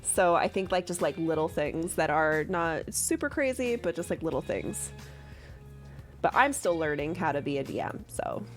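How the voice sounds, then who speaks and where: A woman's voice: low-pitched, animated, normal speed, soft background music. A woman running a tabletop game as game master, chatting casually in a rambling way with lots of fillers and some swearing.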